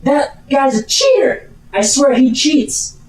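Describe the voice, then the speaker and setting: A man's voice: very high voice, lively intonation, takes it slowly, voice pushed up, full character voice. A man voicing an indignant, hot-tempered young female wizard who accuses a rival, recorded from far off in an echoey room.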